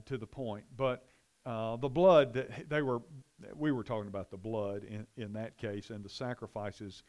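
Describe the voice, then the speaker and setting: A man's voice: medium pitch, darkish tone. A middle-aged man, a pastor, teaching a Bible study and telling a rambling story full of restarts.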